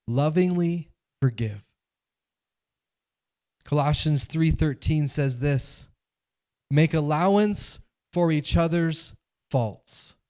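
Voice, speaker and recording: A male pastor preaching a sermon, animated and conversational, acting out quoted voices. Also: fairly high pitch.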